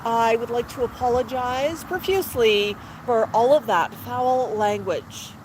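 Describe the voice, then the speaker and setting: A woman's voice: a little high, a little slow, darkish tone, a little hiss or hum, lightly acted, rough recording. A woman voicing a male parrot who speaks in a formal, apologetic way as he tells a joke. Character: overly polite repentant male parrot.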